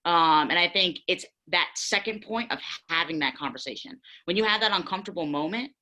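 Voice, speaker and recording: A young woman on a panel discussion, candidly telling stories with lively acted-out quotes. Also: fairly low pitch, brisk, rough recording.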